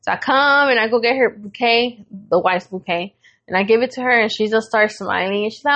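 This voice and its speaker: Animated, swearing woman podcast co-host. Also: fairly high pitch, a little fast, lo-fi sound. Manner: animated storyteller, swears freely, acts out quoted voices. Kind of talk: casual chat.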